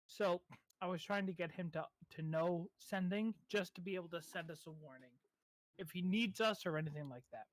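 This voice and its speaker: A player speaking in a measured, thoughtful way during a tabletop game. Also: mid-range voice, no echo, poor audio. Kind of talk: casual tabletop role-play.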